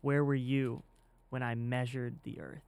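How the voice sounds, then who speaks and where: A man on a faith podcast, speaking reflectively and haltingly, often repeating words as he thinks. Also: mid-range voice, little pitch movement, vocal fry, a little mellow, smooth, dry recording. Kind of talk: casual faith podcast chat.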